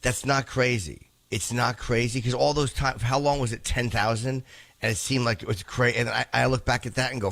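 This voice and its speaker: A man's voice: mid-range voice, steady tone, normal speed, creaky, fairly bright tone, dry recording. A man co-hosting a radio talk show over a video call, his voice a little scratchy and smoky as he tells rambling, self-deprecating stories. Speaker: co-host. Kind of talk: casual radio banter. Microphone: remote video call.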